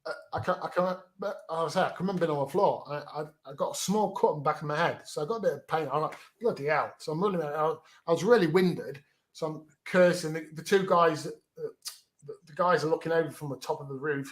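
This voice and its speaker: A man's voice: fairly high pitch, quick pace. A middle-aged man, frankly recounting his own story as a guest in an interview, often restarting his words. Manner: frank, plain-spoken, repeats words as he restarts.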